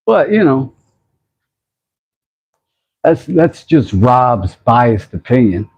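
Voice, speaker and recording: A man's voice: mid-range voice, big pitch swings, drawn-out words, breathy edge, muffled recording. A man hosting a casual woodworking livestream, rambling and self-mocking as he reads chat messages aloud.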